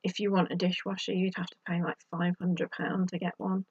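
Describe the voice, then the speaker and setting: Female vlogger, husky and dry-sounding, slightly muffled home recording. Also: on the low side, level tone, a little fast, darkish tone, dry recording. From United Kingdom. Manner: chatty, exasperated asides. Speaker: YouTube vlogger. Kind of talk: casual advice to camera.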